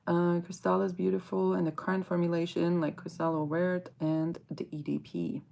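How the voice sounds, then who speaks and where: Woman, low voice, gravelly fry, casual livestream chat, reads and answers comments. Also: flat delivery, normal speed, a little mellow. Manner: chatty, reads out viewer comments and answers them. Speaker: fragrance livestream host. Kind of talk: casual live chat reading viewer comments.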